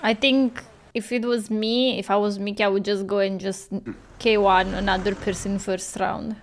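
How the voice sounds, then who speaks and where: A woman's voice: mid-range voice, flat delivery, normal speed, a little hiss or hum. A woman hosting a movie reaction video, chatting casually, laughing often and tripping over her words. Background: film audio playing faintly.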